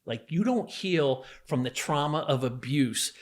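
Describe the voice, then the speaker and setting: A middle-aged podcast guest from New Jersey recounts a violent personal memory vividly, with intensity and emphasis. His voice is a little high, with lively intonation and a measured pace.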